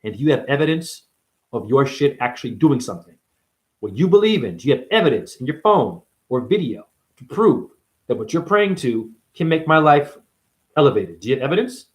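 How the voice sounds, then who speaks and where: A man's voice: mid-range voice, big pitch swings, a little fast. A man delivering a profane, confrontational monologue as a self-styled spiritual teacher, firing rhetorical questions at the listener. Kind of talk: ranting monologue to camera. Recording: roomy echo.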